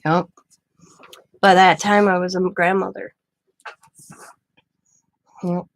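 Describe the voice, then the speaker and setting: Here a grandmother hosting a craft channel drifts through a personal anecdote, doing other people's words in her own voice. Her voice sits on the low side, flat and slow, and the recording is dry.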